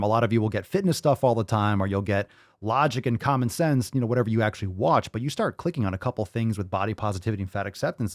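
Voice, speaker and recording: A man's voice: mid-range voice, a little mellow, no echo, clean studio sound. A man hosting his fitness channel, reacting to clips with profane, exasperated ranting. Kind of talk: reaction commentary.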